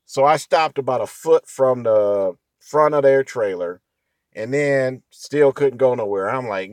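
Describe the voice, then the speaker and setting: A middle-aged man casually telling a profane, animated story in a vlog, full of slang. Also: medium pitch, unhurried, dry recording, clean studio sound. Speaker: vlogger.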